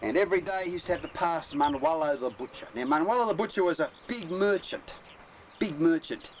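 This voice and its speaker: A man's voice: a little high, animated, fairly quick, reverberant, a little hiss or hum, natural voice, poor audio. An Australian man telling a crude, swearing yarn with acted-out voices. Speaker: storyteller.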